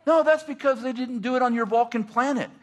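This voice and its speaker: A middle-aged man, a pastor, telling stories in a casual, animated way and laughing often as he talks. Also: very high-pitched, fairly quick, a little hiss or hum. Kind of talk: casual storytelling.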